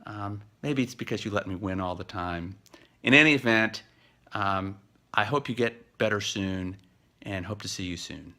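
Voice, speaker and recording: A man giving a heartfelt get-well message in a halting, thoughtful way, pausing often. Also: lowish voice, sharp tone. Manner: halting, thoughtful, with many pauses.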